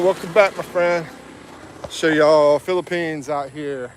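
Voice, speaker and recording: A man's voice: a little high, steady tone, slow, a little hiss or hum. A man on a casual live walking vlog, chatting, reading viewer comments aloud and laughing often. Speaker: livestream vlogger. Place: outdoors in a town.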